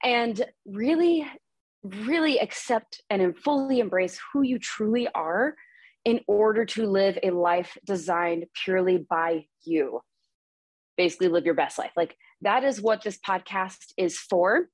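A woman in her thirties hosting a podcast in a casual, energetic monologue, candid and swearing freely, a little out of breath. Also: mid-range voice, unhurried, no room sound. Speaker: podcast host and coach.

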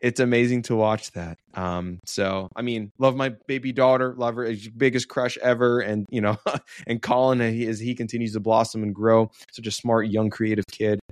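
A man's voice: medium pitch, fairly even intonation, moderate pace, dry recording, clean studio sound. A man in his thirties co-hosting a podcast, talking in an upbeat, joking way with lots of fillers. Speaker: podcast co-host. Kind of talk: casual chat.

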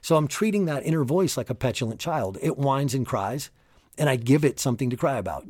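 A man hosts a solo motivational podcast at a mid pitch, energetic and emphatic as he coaches. His voice sounds close and dry, with no room echo. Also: fairly quick. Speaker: podcast host.

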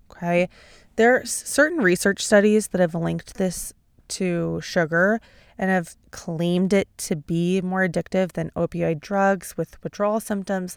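Gravelly-voiced sarcastic woman host. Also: fairly low pitch, no room sound. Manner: sarcastic, chatty. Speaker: podcast host. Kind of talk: casual solo podcast.

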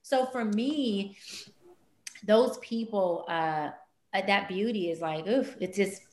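A woman speaking as a life coach guest in a podcast interview, animated, acting out conversations with her clients in big leaps of voice. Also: mid-range voice, takes it slowly, reverberant.

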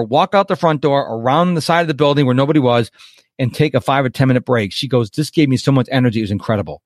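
A man hosting a live webinar as a coach, chatty and lively, acting out quotes and checking in with his listeners. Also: mid-range voice, dry recording, clean studio sound. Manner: chatty, animated, acts out quotes and checks in with "okay?".

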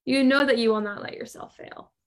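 High-voiced emphatic motivational woman. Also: fairly even intonation, brisk. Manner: emphatic, repetitive, rhetorical questions. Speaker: podcast host and business coach. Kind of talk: motivational monologue.

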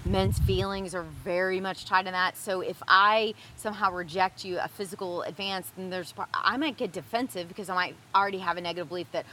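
A woman's voice: medium pitch, a little fast, pushed and bright, a little hiss or hum. A woman co-hosting a casual chat about marriage, speaking earnestly with emphasis. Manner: earnest, emphatic, many affirming sounds. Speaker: co-host of a marriage advice show.

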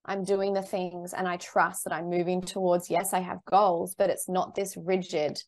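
A woman's voice: fairly low pitch, flat delivery, normal speed, few pauses. A woman co-hosting a podcast, talking in a reflective, thoughtful way in casual conversation. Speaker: podcast co-host.

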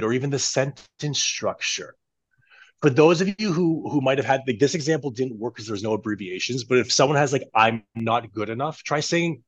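A man speaks as a coach in a podcast conversation, walking his listeners through an exercise with lively, instructive energy. His voice sits in an ordinary middle register for a man. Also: medium pitch.

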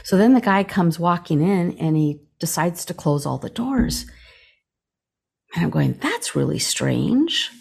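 A middle-aged woman guest speaks with a low, mellow voice that has a gravelly edge. She tells a personal story haltingly, full of fillers and restarts, and voices the dialogue as she recalls it. Her tone is husky rather than crisp. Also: lively intonation. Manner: halting retelling, many fillers and restarts, acts out quoted dialogue. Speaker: podcast guest, chaplain.

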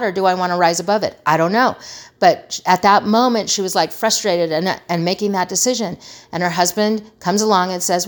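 A middle-aged woman hosting a casual advice talk, earnest and conversational, acting out remarks she quotes. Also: mid-range voice. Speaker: host.

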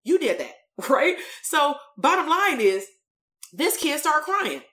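A woman's voice: high-pitched, big pitch swings, takes it slowly, pushed and bright. A woman coaching therapists in a live-streamed talk, telling stories in a blunt, streetwise way full of slang.

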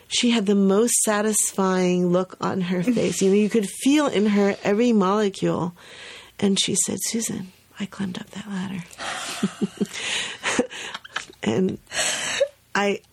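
A woman with a medium-pitched voice co-hosts a podcast on early childhood. She tells a story casually and with lots of animation, laughing often.

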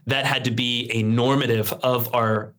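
A man's voice: medium pitch, moderate pace. Male guest pastor, 30s, conversational storyteller. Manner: earnest storytelling, relaxed fillers. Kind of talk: conversational interview.

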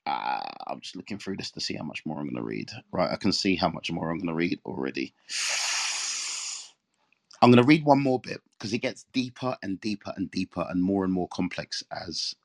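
A man's voice: deep voice, expressive, brisk, gravelly, dry recording. A man from England with an English accent, hosting a casual live audio chat room, talking in a chatty, rambling way and reading aloud to listeners.

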